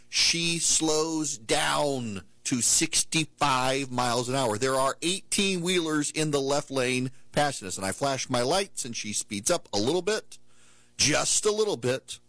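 A male talk host launching into an exasperated rant. His pitch swings up and down with great liveliness as he tells the story. The sound is close and dry, with no room echo. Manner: ranting, exasperated, animated storytelling. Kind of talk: opinionated monologue.

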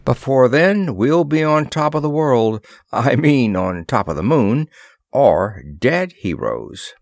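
A man's voice: mid-range voice, sing-song, a little slow, no room sound, clean studio sound. A man voicing an easygoing, joking adventurer sidekick. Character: wry adult male sidekick adventurer.

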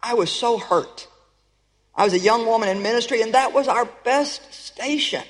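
An older woman preaching a sermon to a congregation, emphatic and animated as she rallies her listeners. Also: on the high side, moderate pace. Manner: emphatic, animated, rallying the audience. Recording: reverberant hall.

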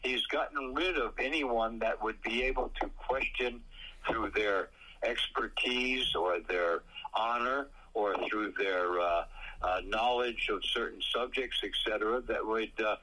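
A man's voice: fairly low pitch, unhurried, bright, forceful tone, breathy edge, rough recording. A man in a casual political chat on the radio, speaking hesitantly with frequent fillers, then pressing his points emphatically.

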